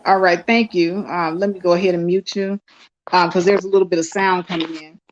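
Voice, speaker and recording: A woman's voice: on the low side, little pitch movement, a little fast. A woman hosting a live online chat stream, effusive and full of fillers and restarts. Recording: dull lo-fi stream audio.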